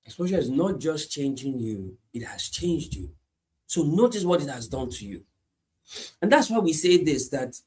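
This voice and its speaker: A man preaching a sermon, repeating his points emphatically and moving between hushed lines and loud climaxes. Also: medium pitch, lively intonation, unhurried. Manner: repetitive, emphatic, swings from hushed to shouting.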